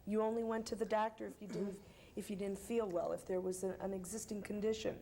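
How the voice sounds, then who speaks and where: A middle-aged woman with a gravelly, dark voice states her points in short, firm sentences on a televised panel. A faint hiss sits under the sound. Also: medium pitch, fairly even intonation, fast talker.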